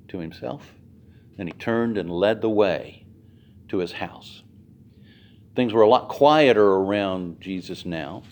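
A man preaching a sermon as dramatic storytelling, swinging from loud to hushed. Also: on the low side. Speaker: pastor.

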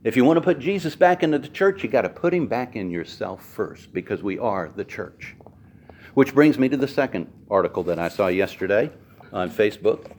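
A male preacher delivering a sermon, repeating key phrases and slowing down to stress words. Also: lowish voice, sing-song, darkish tone.

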